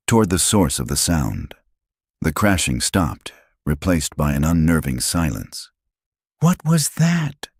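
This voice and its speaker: A man's voice: very deep voice, darkish tone, breathy edge, no room sound, studio quality. A man narrating a scripted story with a dramatic, suspenseful delivery.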